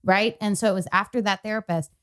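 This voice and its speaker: A woman's voice: mid-range voice, steady tone, fast talker, fairly bright tone. A woman co-hosting a podcast, telling a personal story in casual chat and retelling past conversations with lots of fillers. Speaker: podcast co-host.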